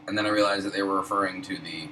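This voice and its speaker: Low-voiced laid-back stoned storyteller, a man. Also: fairly even intonation, racing. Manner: laid-back, profane, wry. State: high. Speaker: host. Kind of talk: casual storytelling. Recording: distant mic, air-conditioner hum.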